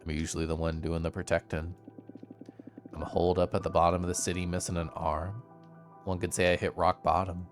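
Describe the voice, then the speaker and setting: A streamer voicing a weary, one-armed game character with a low, quiet, brooding delivery while reading game dialogue aloud on stream. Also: flat delivery, a little fast, faint music behind, close to an everyday voice.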